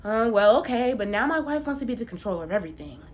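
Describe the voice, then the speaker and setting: A woman's voice: on the high side, big pitch swings, quick pace, slight background noise. A woman doing a meek, hesitant fisherman. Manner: hesitant, hedging.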